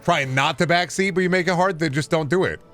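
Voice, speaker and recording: A man's voice: fairly high pitch, quick pace, fairly bright tone, faint music behind. A man streaming a video game, chatting casually and riffing on absurd jokes with plenty of profanity. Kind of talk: casual live-stream chat while gaming.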